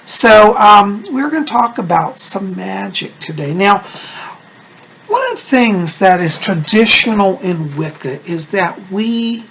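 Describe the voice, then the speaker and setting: A man, a psychic and Wiccan high priest, chatting casually to his viewers in a gushing, rambling way. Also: lively intonation, a little slow, gravelly, fairly bright tone, slight background noise. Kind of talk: casual chat to camera.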